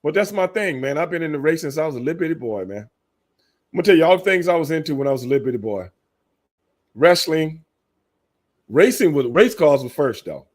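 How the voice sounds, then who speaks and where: Middle-aged Texan male podcast host, animated storyteller who laughs often. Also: brisk, long pauses. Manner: animated storyteller, laughs often, jumps into high excited bursts. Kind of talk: casual chat.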